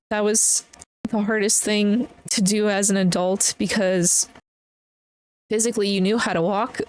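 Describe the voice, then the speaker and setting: Candid, halting woman podcaster. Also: medium pitch, low-quality recording. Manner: halting, emotional, frequent fillers and swearing. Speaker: podcast host. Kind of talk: candid personal podcast monologue.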